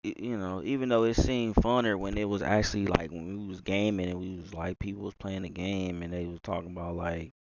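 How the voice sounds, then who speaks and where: A man's voice: sits low, fairly even intonation, a little fast, hardly any pauses. A young man from Texas, rambling casually into his mic with lots of fillers, sighs and swearing. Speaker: gamer streamer.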